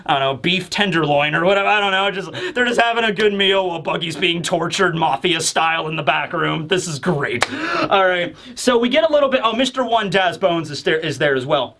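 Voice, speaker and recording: A man reviewing a manga chapter in casual commentary, animated and joking, acting out scenes. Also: high-pitched, a little fast, a little hiss or hum.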